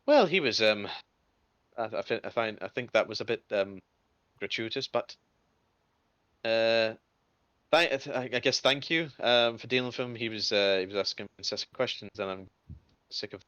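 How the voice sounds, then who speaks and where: A man's voice: on the low side, normal speed, long pauses, a bit bright, dry recording, muffled recording, close to an everyday voice. A man voicing a sentient male shield who talks in a prim, hesitant, stammering way during a tabletop game.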